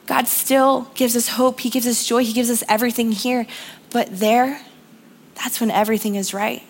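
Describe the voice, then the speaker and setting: A young woman speaking as the youth speaker delivers an earnest, encouraging church sermon, repeating phrases for emphasis. Her voice sits fairly high and carries a breathy edge.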